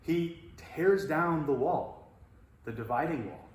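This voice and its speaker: A man's voice: a little high, takes it slowly. A man teaching about the Bible in a reflective, hesitant way, with many fillers. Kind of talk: teaching talk. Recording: roomy echo, faint noise.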